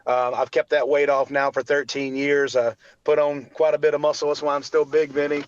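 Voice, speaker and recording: A man's voice: on the high side, completely flat delivery, a little fast, no echo, highs cut off. A man in his forties, a guest telling his personal story earnestly, with faith woven in and other people's words acted out. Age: 40s. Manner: earnest, faith-filled, acts out quotes of others.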